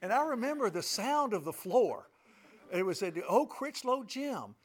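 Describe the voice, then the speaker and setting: Lively high-voiced man telling a story. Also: moderate pace. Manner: emphatic, with rhetorical questions to listeners. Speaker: speaker addressing an audience. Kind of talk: personal storytelling talk.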